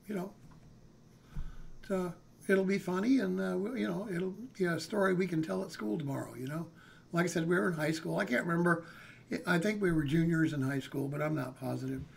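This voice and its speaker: A man's voice: high-pitched, normal speed, vocal fry, pauses often, husky. A man telling a story casually on a live stream, rambling and checking in with "okay?" and "you know".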